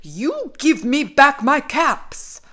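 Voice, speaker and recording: A woman voicing a short-tempered male cap peddler in a storybook reading, calling out his wares in a sing-song and shouting when angry. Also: extremely high pitch, sing-song, drawn-out words, voice pushed up, full character voice.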